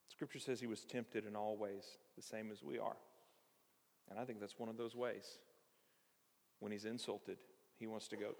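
A man preaching a sermon, animated, acting out the voices of the passage as he teaches. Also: on the low side, unhurried, gravelly, long pauses. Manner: animated, acts out voices of the text. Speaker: pastor. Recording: reverberant hall.

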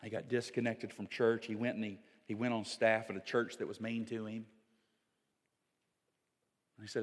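A middle-aged pastor preaching a sermon, swinging from loud emphatic lines to hushed, near-whispered storytelling. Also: male voice, fairly low pitch, level tone, normal speed, pauses often, in a large hall.

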